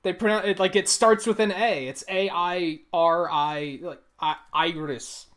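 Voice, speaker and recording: A man's voice: sits high, steady tone, normal speed, a bit bright. A man live-streaming a video game, rambling casually and swearing often. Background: faint game music.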